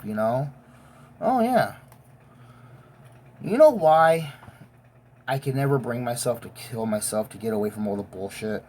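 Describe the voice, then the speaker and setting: A woman's voice: rumbling low, lively intonation, normal speed, pauses often, a little mellow, a little hiss or hum. A woman giving a blunt, profane, emotionally intense rant as a vlogger. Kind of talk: profane ranting monologue.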